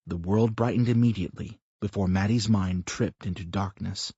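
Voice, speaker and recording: A man narrating an audiobook in a steady, measured reading, in a slightly muffled recording. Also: lowish voice, breathy edge, dry recording. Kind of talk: scripted narration.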